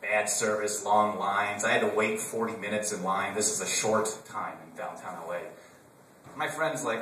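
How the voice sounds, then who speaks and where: A man's voice: fairly low pitch, normal speed, pushed and bright, a little hiss or hum. A man from Wisconsin giving a humorous political talk to a live audience, conversational and full of joking asides. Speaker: conference speaker. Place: conference room with an audience. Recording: roomy hall from a distance.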